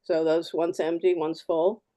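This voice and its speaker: Chatty woman artist with a mellow voice. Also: sits low, flat delivery, unhurried. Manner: chatty, repeats key words for emphasis. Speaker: artist demonstrating fountain pens. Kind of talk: live demo explanation.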